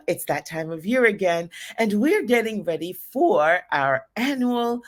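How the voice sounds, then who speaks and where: A woman's voice: medium pitch, lively intonation, unhurried. A woman hosting a live show, reading sponsor thanks and upbeat calls to donate. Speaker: host.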